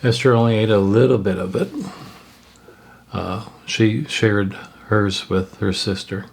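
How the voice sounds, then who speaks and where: A man telling a story aloud, unscripted, in a halting way with pauses and restarts. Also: fairly low pitch, fairly even intonation, gravelly, slightly rough. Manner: halting, with frequent fillers and restarts.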